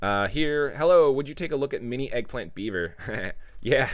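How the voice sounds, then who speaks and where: A man's voice: medium pitch, lively intonation, normal speed, no echo, studio quality. A man hosting a casual livestream, chatting loosely with viewers and reading out their messages. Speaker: livestream host.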